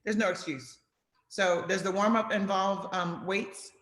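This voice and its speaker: A woman's voice: medium pitch, steady tone, measured pace, fairly bright tone. A middle-aged woman, a guest talking over a video call, emphatic and repeating key phrases for effect. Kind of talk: casual video interview. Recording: roomy echoey sound.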